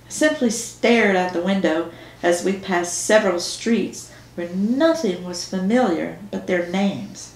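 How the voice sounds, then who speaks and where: A woman's voice: on the low side, unhurried. A woman author reading her own novel aloud in first person, with dry storytelling. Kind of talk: audiobook narration. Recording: roomy echo.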